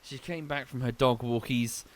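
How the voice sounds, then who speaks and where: A man's voice: medium pitch, steady tone, normal speed. A young man with a well-spoken southern English accent, chatting casually and thinking aloud as he streams a game and thanks viewers. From England. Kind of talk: live gameplay commentary and chat.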